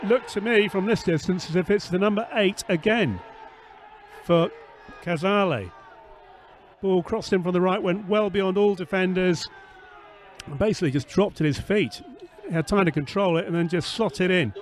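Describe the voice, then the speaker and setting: A man's voice: high voice, normal speed. A man co-hosting outdoors at a football ground, giving good-humoured, self-deprecating live commentary on the play. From England. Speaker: podcast co-host. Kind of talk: casual live match commentary.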